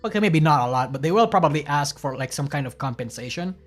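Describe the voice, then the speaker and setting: A man's voice: a little high, animated, fast, faint music behind. Swearing, rambling male streamer. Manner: profane, rambling, self-deprecating. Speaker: streamer reacting to clips. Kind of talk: casual reaction commentary.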